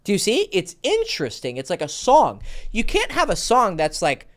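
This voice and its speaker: A man's voice: high voice, wildly swooping pitch, moderate pace. A man coaching a caller on a livestream, talking bluntly and swearing, jumping from thought to thought. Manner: jumps between thoughts. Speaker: dating coach.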